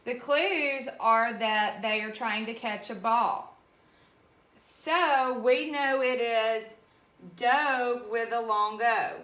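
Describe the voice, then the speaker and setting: Woman teacher, fairly high and clear, unhurried and patient, spells words out letter by letter; echoey room. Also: fairly bright tone. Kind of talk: recorded classroom reading lesson.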